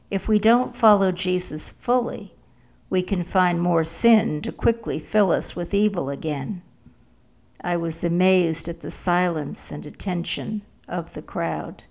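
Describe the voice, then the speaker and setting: A woman narrating a first-person story in a slow, measured way. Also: on the low side, gravelly, a little mellow.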